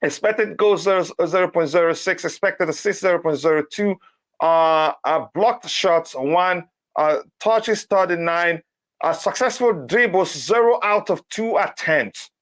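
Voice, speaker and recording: A man hosting a casual live football review, reading out player stats with many fillers and pauses. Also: high voice, a bit bright. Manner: halting, reads stats aloud with many fillers. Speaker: host of a football review show.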